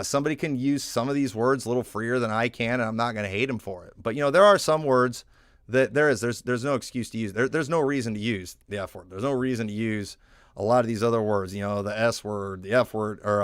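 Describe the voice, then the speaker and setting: A man's voice: mid-range voice, a bit bright, clean tone, no echo, clean studio sound. A man from the northern United States, a pastor preaching a conversational sermon with many fillers and restarts, reading scripture aloud now and then. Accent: northern American.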